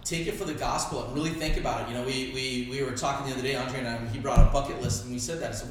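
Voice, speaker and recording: A man's voice: medium pitch, fairly even intonation, very fast, hardly any pauses. A man talks in a casual, enthusiastic way and rambles with plenty of fillers. His voice sits in the middle range. He sounds very echoey, with a faint hum of room ambience behind him. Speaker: podcast host, business co-founder. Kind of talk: casual chat.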